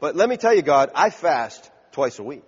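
A man's voice: on the high side, very animated, moderate pace, slightly rough. A preacher putting on the voice of a boastful, self-righteous man bragging in prayer, on a dull recording with long hall reverb. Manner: smug, bragging.

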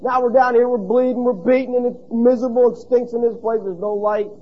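A man's voice: extremely high pitch, steady tone, a little fast, husky, muffled recording, voice pushed up. A male preacher voicing a beaten, complaining prisoner who bitterly snaps at his cellmate. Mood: exasperated. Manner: bitter, exasperated, griping.

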